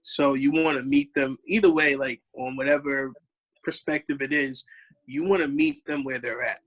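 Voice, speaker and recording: A man's voice: medium pitch, fairly even intonation, normal speed, a bit bright. A man on an online panel, telling a story with lots of laughter and slangy, casual phrasing. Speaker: educator on a panel.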